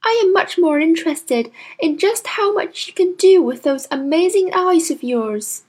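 A woman voicing a kind, timid young woman teacher who speaks softly and apologetically in a storybook reading. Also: very high-pitched, lively intonation, unhurried, pitched above the performer's own voice. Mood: gentle. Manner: soft, gentle, apologetic.

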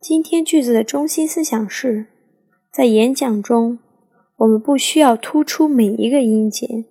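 A woman talks through an English sentence in a language lesson, going word by word. Her voice sits a little high but has a gravelly, husky grain, and her tone is dark and mellow. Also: normal speed. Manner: clear step-by-step explanation. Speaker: English teacher.

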